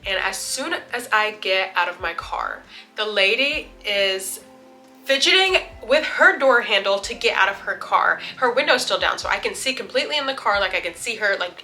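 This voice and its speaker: A woman beauty vlogger telling a story in a casual, chatty way while doing her makeup, with lots of "like" and an animated retelling. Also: mid-range voice, fairly quick, soft background music.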